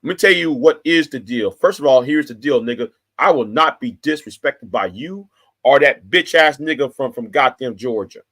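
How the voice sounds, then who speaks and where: A man in his forties, a YouTube commentator, unleashes an angry, threatening rant directly to the camera, cursing and repeating himself for emphasis. His voice is medium in pitch, animated, a bit bright, and moves at a moderate pace.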